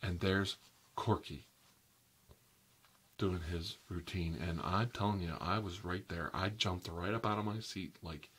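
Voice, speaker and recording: A man voicing a chatty, oversharing interior decorator in a whispered role-play, rambling and gossiping with sudden high squeals and soft asides. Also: steady tone, a little slow, husky, heavily acted. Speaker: ASMR role-play creator.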